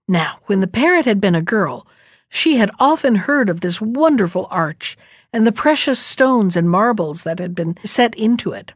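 A woman reading a fairy tale aloud, steady and measured. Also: medium pitch, no room sound, clean studio sound. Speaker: storyteller.

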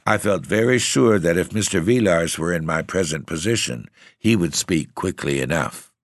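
A man narrates a story with a very low, deep voice. His delivery is measured and formal, and the sound is dry and close. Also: lively intonation, no room sound. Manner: measured, formal, old-fashioned phrasing. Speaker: audiobook narrator. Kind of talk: scripted narration.

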